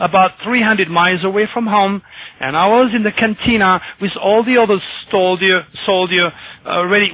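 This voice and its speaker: A French astrologer, guesting on a radio interview, tells a personal story emphatically and repeats his words. His voice sits high, and the telephone line makes it tinny and dry, with no room sound.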